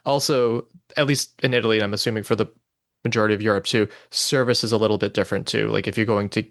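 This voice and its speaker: An American man hosting a podcast, relaxed and asking questions, filling his talk with "like". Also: on the low side, fast, no echo, studio quality. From United States. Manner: relaxed, lots of "like" fillers, asks questions. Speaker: podcast host. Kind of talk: casual chat.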